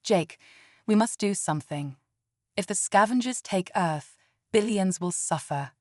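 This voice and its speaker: A woman's voice: medium pitch, animated, a little slow, a little mellow, no room sound, studio quality. A woman voicing a playful alien cowgirl with a teasing manner.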